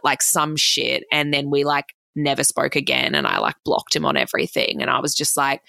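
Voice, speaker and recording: Low, gravelly Australian woman telling a story. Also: lively intonation, sharp tone, no echo. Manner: swears freely, fast run-on anecdote full of "like". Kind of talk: casual storytelling.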